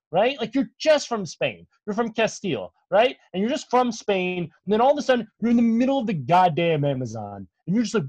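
Brief: man co-hosting a casual podcast, profane rambler, lively voice, dry close sound. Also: high voice, dry recording. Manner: animated, profane, rambling storyteller. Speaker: podcast co-host. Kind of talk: casual chat.

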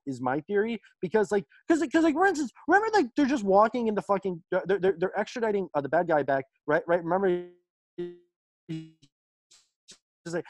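A man co-hosting a podcast, chatting casually and acting out movie scenes in excited voices. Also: high voice, no room sound, studio quality. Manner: animated, fast, acts out movie lines in excited voices. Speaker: podcast co-host. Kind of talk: casual chat.

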